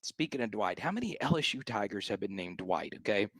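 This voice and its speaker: A man's voice: lowish voice, big pitch swings, a little fast, a bit bright, breathy edge, no room sound. A man hosting a sports fan livestream, ranting in a fired-up, hyped way and repeating lines for emphasis. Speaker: sports show host.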